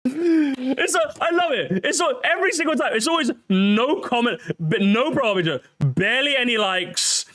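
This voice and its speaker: Young guy streamer, high bouncy voice, bright and goofy, riffing and laughing at a clip. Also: moderate pace, few pauses. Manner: excitable, mocking, laughs often, swears. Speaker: streamer reacting to videos. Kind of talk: animated reaction commentary.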